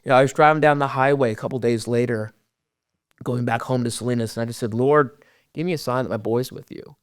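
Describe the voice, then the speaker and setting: A middle-aged man telling his own story as a podcast guest, earnest and halting, often dropping to a hush. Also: medium pitch, no echo, clean studio sound. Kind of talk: personal storytelling.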